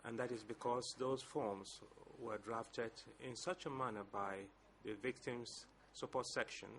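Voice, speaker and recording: A male lawyer, addressing a courtroom slowly and formally with some hesitations. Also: medium pitch, a bit bright, a little hiss or hum. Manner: deliberate, measured speech with hesitations. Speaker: lead co-lawyer for civil parties.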